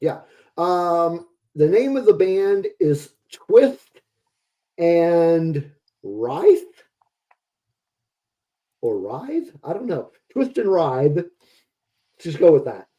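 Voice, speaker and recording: Rambling, lively-voiced podcast host man. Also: fairly high pitch, extremely slow, pauses often, lo-fi sound. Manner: rambling and self-mocking, laughs often. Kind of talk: casual podcast chat.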